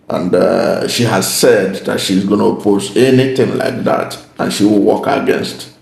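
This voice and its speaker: A man hosts a political commentary, speaking deliberately and pressing his points home. His voice sits low with a gravelly edge, and the recording rings with a roomy echo. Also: darkish tone. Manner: deliberate and emphatic, repeating key points. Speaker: channel host.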